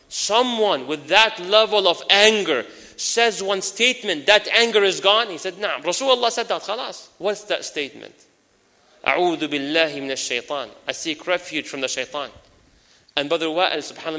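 A man preaching a lively sermon to an audience, mixing in Arabic phrases and addressing the crowd directly. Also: fairly high pitch. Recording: long hall reverb.

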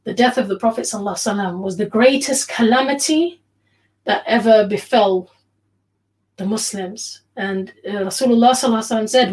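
A woman's voice: mid-range voice, darkish tone, rough recording. Earnest woman teaching an online class. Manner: earnest, unhurried, with many pauses and Arabic phrases. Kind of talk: online lecture to women.

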